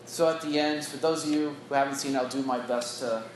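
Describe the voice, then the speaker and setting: A man's voice: medium pitch, fairly even intonation, a little fast, echoey room, slight background noise, rough recording. A man giving an earnest, reflective Bible teaching to church staff, talking conversationally, recorded on a phone in a meeting room.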